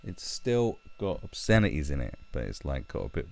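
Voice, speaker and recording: A man's voice: a bass voice, very animated, normal speed, creaky, a little mellow. A man giving rambling, sweary commentary and often restarting his sentences. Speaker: YouTube commentator. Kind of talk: ranting commentary.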